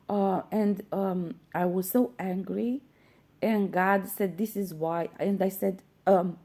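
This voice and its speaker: Earnest woman with a gravelly, mellow voice. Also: on the low side, fairly even intonation, measured pace. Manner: earnest, insistent, many fillers and restarts. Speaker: spiritual channel host. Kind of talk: spiritual teaching monologue.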